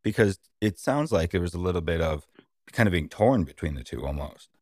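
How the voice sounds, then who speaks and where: Interviewer guy, really deep voice, gentle careful questions, dry mic. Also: lively intonation, fairly quick, dry recording. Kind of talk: interview conversation.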